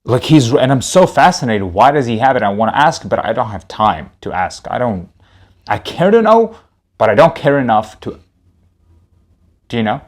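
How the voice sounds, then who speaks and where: A man's voice: medium pitch, big pitch swings, moderate pace. A man telling a comedic story on a podcast, rambling and repeating himself.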